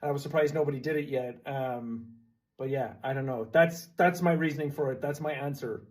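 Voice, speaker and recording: A man's voice: mid-range voice, fairly quick, a little mellow. A man in his thirties with an Irish accent, a YouTuber casually explaining to camera in a chatty, reflective, self-deprecating way. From Ireland.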